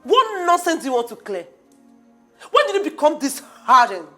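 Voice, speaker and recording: Scolding friend, high lively voice. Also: female voice, normal speed, soft background music, full character voice. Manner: indignant, scolding. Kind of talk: film drama acting.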